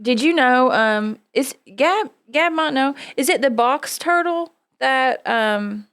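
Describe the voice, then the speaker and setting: A woman podcast host talks casually with a fairly high, gravelly voice that still comes through smooth and clear. She is blunt and swears freely, and the sound is close and dry. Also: expressive, slow, fairly bright tone, no room sound. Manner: blunt and profane, laughs often.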